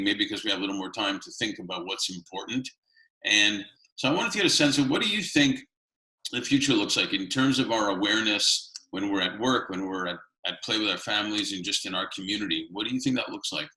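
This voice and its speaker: A man's voice: lowish voice, bright, forceful tone, echoey room, poor audio. A man from Canada hosting a casual interview, chatty and rambling with many fillers. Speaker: interview host.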